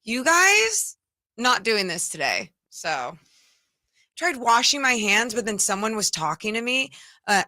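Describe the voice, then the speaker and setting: A woman co-hosting live sports radio, her voice bright and edged and her pitch leaping around animatedly. She banters playfully and breaks into loud exclamations. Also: dry recording. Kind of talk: casual live sports talk.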